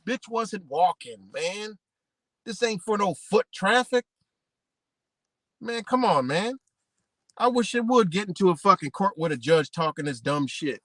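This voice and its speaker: A man hosting a livestream who reads legal text aloud, then breaks into an animated, profane rant. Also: high-pitched, unhurried, pauses often, dry recording. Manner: animated and profane, swinging between reading and ranting. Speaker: livestream host. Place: home livestream setup.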